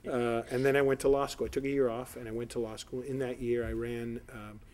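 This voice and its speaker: A man's voice: mid-range voice, flat delivery, a little fast, darkish tone. A middle-aged man from South Florida, a political candidate answering questions in an editorial board interview, rambling with many fillers and restarts.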